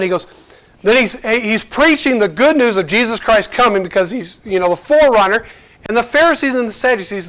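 A man with a notably high voice preaches in a loose, conversational way. He is lively and cracks jokes. He acts out the people in his story as he goes. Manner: lively, jokey, acts out quotes. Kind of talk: casual conversational sermon.

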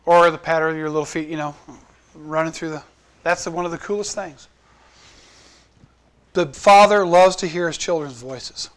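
A man's voice: fairly high pitch, steady tone, moderate pace, pauses often, a bit bright, smooth. A man preaching a sermon in an earnest, conversational way, asking the congregation questions and quoting scripture. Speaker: pastor.

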